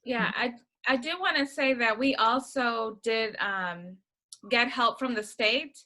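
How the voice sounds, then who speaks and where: A woman's voice: fairly high pitch, takes it slowly, pushed and bright. A woman speaking as a first-time home buyer guest, recounting her experience in a candid, casual way. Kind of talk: casual conversation.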